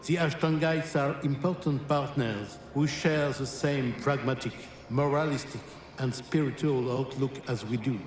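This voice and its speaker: An actor playing a grand, cryptic French council member in a game, speaking with a French accent. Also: male voice, mid-range voice, a little slow, hardly any pauses, close to an everyday voice. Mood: lofty. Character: suave French male council member, lofty philosopher. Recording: distant roomy game audio, noisy.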